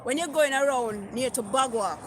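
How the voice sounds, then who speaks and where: Reading viewer comments aloud, a middle-aged Jamaican woman chats on a live stream using her phone and mixes in patois. Her voice is high at a normal speed, and the background is noisy.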